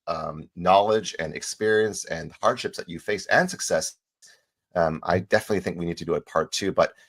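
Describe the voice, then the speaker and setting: Deep-voiced guy hosting a chat show, stumbles and repeats words, easygoing interview. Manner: halting, repeats words while telling a story. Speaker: podcast host.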